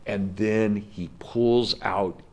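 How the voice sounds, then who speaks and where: A deep-voiced, middle-aged professor lecturing in a classroom. He tells his story earnestly and gets emotional, his voice cracking now and then. The sound is plain and close to the speaker. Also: steady tone, drawn-out words, vocal fry, a little hiss or hum. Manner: earnest storytelling, breaks into laughs when moved. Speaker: college professor.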